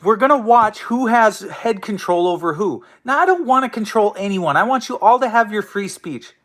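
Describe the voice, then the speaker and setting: This online audio room host has a high, animated, slightly bright voice at normal speed. He's profane and confrontational, ranting at his listeners with nonstop swearing and stammered restarts.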